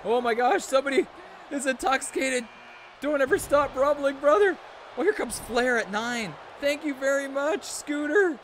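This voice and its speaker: A high-pitched man streams live and calls a wrestling video game with loud excitement, yelling at big moves and chuckling to himself between viewer shout-outs. A faint hiss of background noise sits under his voice. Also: normal speed.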